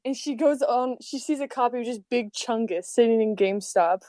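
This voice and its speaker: A woman's voice: fairly high pitch, fairly quick, a crowd in the background. Chatty, playful female podcast host. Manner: chatty, playful, uses "like" a lot. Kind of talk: casual chat.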